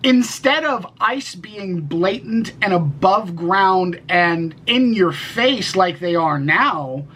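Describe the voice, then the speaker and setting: A man's voice: sits high, animated, slow pace, hardly any pauses, sharp tone, poor audio. A man co-hosting a casual political podcast, rambling with many restarts and the odd swear word. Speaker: podcast co-host.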